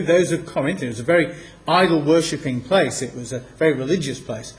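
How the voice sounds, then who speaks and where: A man teaching from the Bible, reading passages aloud and slowing down to stress key words. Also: a little high. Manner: emphatic, slows down to stress quoted scripture. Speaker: preacher.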